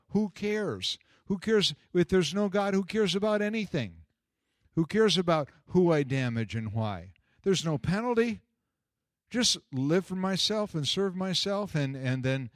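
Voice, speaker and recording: An older man, a pastor, telling a personal story in an emphatic, repetitive way, his voice climbing high on the points he stresses. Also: no echo, studio quality. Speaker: pastor and jail chaplain.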